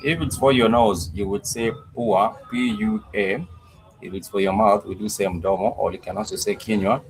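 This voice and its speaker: A man teaching a live-streamed language class, talking slowly, repeating words and spelling them out letter by letter, with frequent "uh" pauses. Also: fairly low pitch, fairly even intonation, a little hiss or hum, low-quality recording. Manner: frequent "uh" fillers. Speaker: Swahili teacher.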